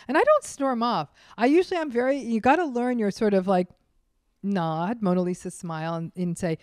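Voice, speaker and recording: A woman's voice: fairly low pitch, expressive, brisk, darkish tone, dry recording, studio quality. A woman psychologist, a guest on a podcast interview, who speaks emphatically and acts out the people she quotes.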